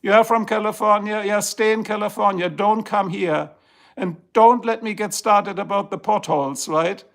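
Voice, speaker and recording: A man's voice: sits high, steady tone, moderate pace, creaky. A man from Germany ranting on a live stream, swearing and complaining in an exaggerated way. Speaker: livestreamer. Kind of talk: casual live stream rant. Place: at home by his garage.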